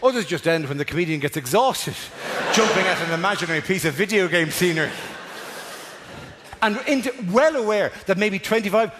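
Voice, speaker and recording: Animated Irish male stand-up comedian. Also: sits high, noisy background. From Ireland. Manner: rapid, animated, breathless rants. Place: large theatre. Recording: live theatre with audience laughter.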